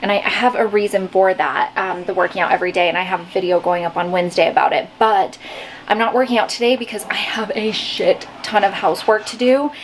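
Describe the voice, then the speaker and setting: A woman's voice: mid-range voice, fairly quick, a little hiss or hum. A woman chatting casually to camera at home in a daily vlog, telling stories with lots of fillers. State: out of breath. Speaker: vlogger. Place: home kitchen and bedroom.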